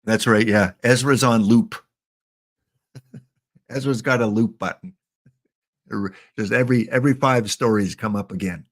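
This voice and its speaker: A man's voice: on the low side, a little slow, pauses often. A man casually hosting a game live stream, chatting and joking with viewers by name.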